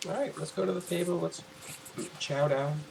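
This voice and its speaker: A man playing in a tabletop game, talking casually and haltingly with restarts. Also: on the high side, fairly even intonation, vocal fry. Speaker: player. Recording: noisy background.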